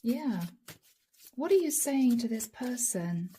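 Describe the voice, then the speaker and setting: A woman giving a channeled tarot reading, soft and emotional, often dropping to a whisper. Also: fairly high pitch, animated, takes it slowly, a little hiss or hum. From Europe. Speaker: tarot reader.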